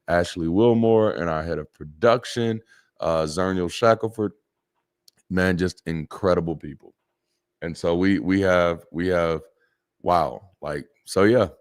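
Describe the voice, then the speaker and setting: A man with a low, deep voice hosts a casual livestream. He talks loosely and chattily, full of slang and restarts, and reacts to the chat as he reads it. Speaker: livestream host, former pastor. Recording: solo livestream at home.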